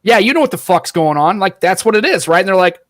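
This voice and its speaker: A man's voice: high-pitched, expressive, fast, fairly bright tone, dry recording, studio quality. A man co-hosting a podcast over a video call, telling stories animatedly and swearing freely. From St. Louis area, US. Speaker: podcast co-host. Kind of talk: casual chat.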